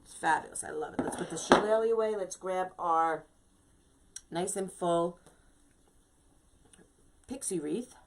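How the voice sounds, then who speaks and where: A woman's voice: lowish voice, unhurried, pauses often, noisy background. Chatty New York woman teaching crafts. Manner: chatty, many "you know"s, greets viewers by name. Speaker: craft shop owner hosting a live wreath-making stream. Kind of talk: casual live craft tutorial.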